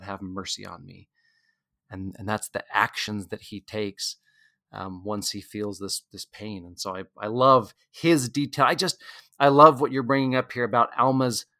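A man hosts a scripture discussion, speaking thoughtfully and reading passages aloud. His voice is fairly low, and it sounds dry and close to the mic. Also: fairly bright tone, no room sound.

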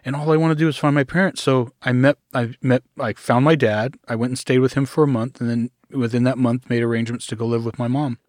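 A middle-aged man in an interview, telling his own story in a halting way, often restarting, sometimes acting out the voices he quotes. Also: medium pitch, fairly even intonation, a little mellow, no room sound, clean studio sound. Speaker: guest.

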